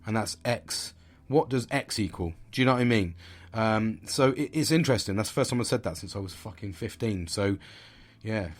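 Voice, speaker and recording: A middle-aged man, talking in a blunt, sweary, rambling but earnest way in a casual motivational monologue as a podcast host. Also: lowish voice.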